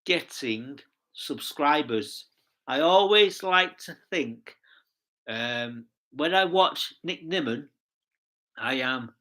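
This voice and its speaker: A man with an English accent talks through a live stream at an unhurried pace, rambling cheerfully between thoughts. His voice has a bright, forceful edge. He speaks straight to the viewers in his chat. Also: mid-range voice. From England. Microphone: streaming setup mic.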